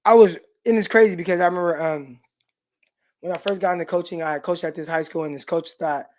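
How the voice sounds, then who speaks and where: A relaxed middle-aged man hosts a sports livestream in an easygoing, conversational way. He speaks directly to his viewers, reads out their comments, and fills his talk with casual "like"s. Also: fairly high pitch, fast talker, slight background noise. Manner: laid-back, loose and chatty, with lots of "like" fillers; talks straight to the live chat and reads out viewer comments. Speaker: sports show host.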